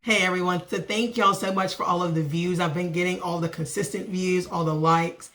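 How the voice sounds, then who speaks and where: A woman, vlogging as a small business owner and telling a story in a casual, animated way. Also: fairly quick, faint music behind. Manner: animated, acts out other people's lines with lively pitch jumps. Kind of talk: casual storytelling rant to camera.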